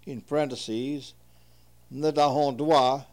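A man reads dictionary entries aloud at a very slow, deliberate pace. He sounds out each word with care and pauses between the terms. His voice sits at a middle pitch. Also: steady tone, a little mellow. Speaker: reader translating an old dictionary. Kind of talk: slow reading of word lists with translations.

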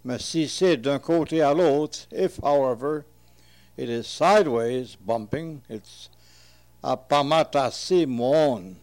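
A man slowly reading entries from an old dictionary aloud and translating them, pausing between each term. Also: medium pitch, a little mellow. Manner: measured, deliberate, pauses between terms. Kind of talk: slow reading of word lists with translations.

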